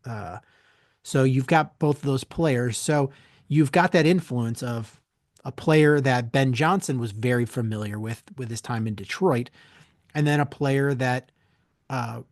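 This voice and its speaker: A man co-hosts a casual sports podcast, speaking at a middle pitch and upbeat as he opens the show. The sound is dry and close, with no room around it. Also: no echo. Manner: upbeat show opener, reads a sponsor spot. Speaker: podcast co-host.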